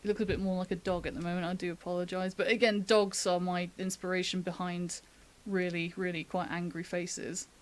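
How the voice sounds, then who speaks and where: A woman talks through a drawing demo in a relaxed, chatty stream. She thinks aloud as she sketches and laughs easily. She is from the UK. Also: on the low side, brisk, hardly any pauses. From United Kingdom. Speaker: artist giving a drawing demo. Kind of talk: casual live-stream drawing tutorial.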